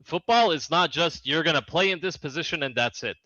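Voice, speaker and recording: Joking guy co-hosting, slightly high voice, a bit muffled and lo-fi. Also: animated, a little fast, sharp tone, no room sound. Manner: blunt, jokey. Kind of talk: casual chat.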